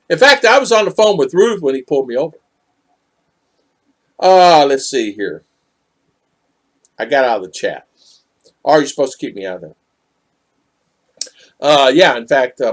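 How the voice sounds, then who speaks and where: A man from the United States telling a story in a casual vlog, acting out both sides of the dialogue and replying to live chat. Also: medium pitch. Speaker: vlogger reading live chat.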